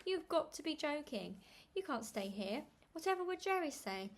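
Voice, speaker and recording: A brassy middle-aged aunt gushes in a breezy, glib way and waves off every worry, as a woman reads her lines. The voice sits fairly high and carries a faint hiss of noise underneath. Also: big pitch swings, normal speed. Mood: indignant. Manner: gushing, breezy, talks over others.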